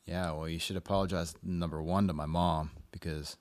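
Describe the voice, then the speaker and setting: A man's voice: deep voice, fairly even intonation, moderate pace, dry recording. A man co-hosting a podcast, chatting casually over a video call in a joking, teasing, mock-indignant way. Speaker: podcast co-host. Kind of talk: casual chat.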